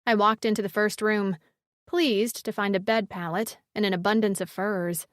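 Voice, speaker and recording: A woman reads a first-person fantasy romance audiobook with an expressive storytelling delivery. Her voice sits at a middling pitch, and the recording is dry and close to the mic. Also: normal speed, no echo. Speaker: audiobook narrator. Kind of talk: first-person fiction narration.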